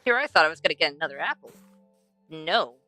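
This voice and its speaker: Bright-voiced woman chatting through gameplay. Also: low-pitched, expressive, quick pace, soft background music. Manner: chatty, talks to herself and the animals. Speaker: streamer. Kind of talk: casual gameplay commentary.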